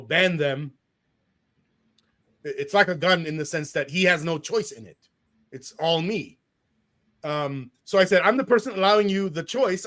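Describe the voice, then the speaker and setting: A man hosting a casual talk show, reading out comments with animated indignation and laughing as he goes. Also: sits high. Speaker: podcast host.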